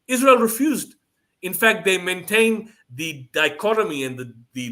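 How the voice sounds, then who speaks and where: Male debate co-host, emphatic, bright forceful tone. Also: a little high. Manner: emphatic, argumentative, with frequent restarts. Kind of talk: debate stream talk.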